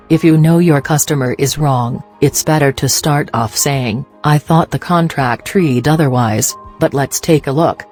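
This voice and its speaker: Measured instructional narrator over soft music. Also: mid-range voice. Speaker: narrator of a business training video. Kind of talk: scripted narration.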